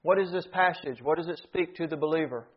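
A man's voice: on the high side, quick pace, husky. A man, teaching a Bible class in a sermon style. He repeats key phrases and puts questions to his listeners. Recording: dull lo-fi recording.

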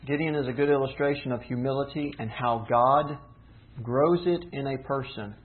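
A man preaching a sermon, teaching earnestly with rhetorical questions and slowing down for emphasis. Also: medium pitch, a little hiss or hum. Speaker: pastor. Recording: tinny phone-like sound.

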